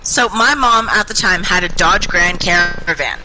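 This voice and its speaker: Bright-voiced young woman telling a chatty story. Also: lowish voice, a little slow, a little hiss or hum, poor audio. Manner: chatty, animated, swears freely. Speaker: gaming group member. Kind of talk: casual storytelling in game voice chat. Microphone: headset or desk mic in online voice chat.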